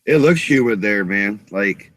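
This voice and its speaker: A man's voice: on the low side, animated, measured pace, fairly bright tone, no room sound. A man chatting casually as a show co-host, laid-back and slangy. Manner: laid-back, says dude and man a lot. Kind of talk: casual chat.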